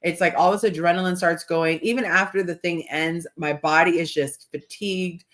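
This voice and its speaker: Casting: woman podcast host, slightly low voice, lively storyteller who acts out quotes, casual chat. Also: moderate pace.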